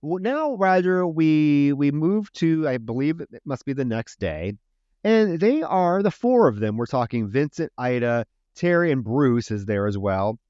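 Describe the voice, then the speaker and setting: A man's voice: on the high side, very animated, a little slow, darkish tone, no echo, dull audio. A man co-hosting a podcast, casually retelling a film scene by scene, acting out lines and swearing freely. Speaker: podcast co-host. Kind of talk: casual movie review chat.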